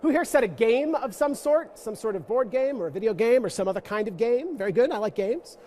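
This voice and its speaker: Male guest lecturer, high-pitched, playful and self-deprecating, leading a church forum audience. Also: lively intonation, a little fast, warm tone. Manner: playful, self-mocking, joking asides.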